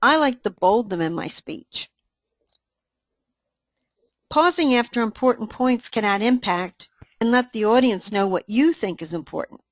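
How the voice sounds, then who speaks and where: A woman co-presenting a training webinar, reading a scripted dialogue in an even, instructive way. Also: a little high, unhurried, long pauses, no room sound.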